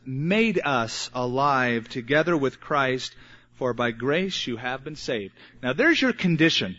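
A man preaching a sermon as pastor, emphatic and repetitive, with dramatic pauses. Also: on the high side, a bit bright. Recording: dull lo-fi sermon recording.

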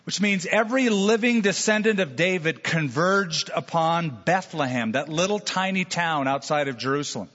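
Pastor preaching in a reverberant hall. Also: male voice, a little high, lively intonation, normal speed, few pauses, a bit bright. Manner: storytelling, folksy asides and jokes. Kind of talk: sermon. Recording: dull long-reverb hall sound.

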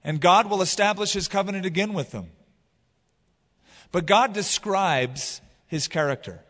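A man preaching a sermon as pastor, retelling scripture in a casual, animated way. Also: sits high, unhurried, in a large hall. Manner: casual, animated storytelling with paraphrase.

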